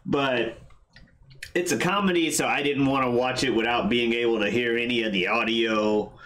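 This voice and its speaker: A man's voice: medium pitch, normal speed, a bit bright. A man hosting a casual podcast, opening with playful, showy self-introductions. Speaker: podcast host.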